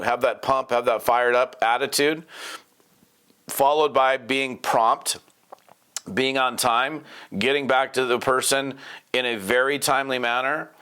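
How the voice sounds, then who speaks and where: A middle-aged man coaching network marketers in an energetic, casual talk, quickly acting out bits of phone dialogue with prospects. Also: medium pitch, clear, resonant tone. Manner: fast, animated, acts out quick prospect dialogues.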